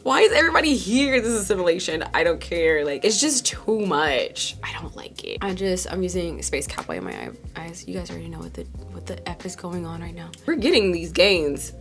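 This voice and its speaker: Chatty woman with lively pitch. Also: moderate pace, hardly any pauses, faint music behind. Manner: chatty, animated, heavy use of "like". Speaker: beauty vlogger. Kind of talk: casual get-ready-with-me chat. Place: at home doing makeup.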